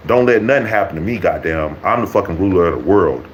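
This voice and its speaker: A man's voice: sits low, animated, quick pace, a little hiss or hum, rough recording. A man ranting to his YouTube viewers, blunt and mocking, swearing constantly. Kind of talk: profane ranting vlog.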